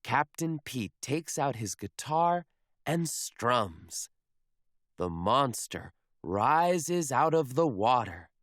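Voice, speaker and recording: A man reading a children's picture book aloud in a slow, expressive storybook manner. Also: mid-range voice, dry recording, clean studio sound.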